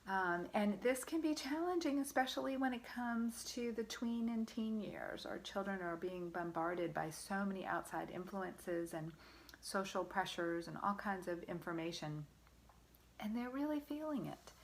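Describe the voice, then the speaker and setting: A woman's voice: medium pitch, normal speed, vocal fry, a little hiss or hum. A woman parenting coach giving earnest, encouraging advice straight to the listener, often checking in with them. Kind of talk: direct-to-camera parenting advice.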